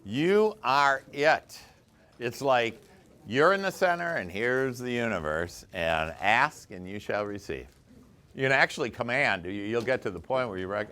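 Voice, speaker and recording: A man's voice: medium pitch, lively intonation, a little slow, pushed and bright, smooth. Upbeat male workshop coach. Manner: enthusiastic, chatty, laughs often. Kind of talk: live motivational workshop talk. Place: workshop room with a small group.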